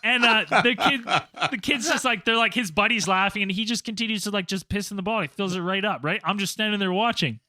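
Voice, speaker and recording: A man with a high, bright voice spins a crude story in casual podcast chat, swearing freely and raising his voice to act out what people said. The sound is close and dry. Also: quick pace, hardly any pauses, no room sound. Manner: animated, profane, acts out quotes loudly. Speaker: podcast co-host.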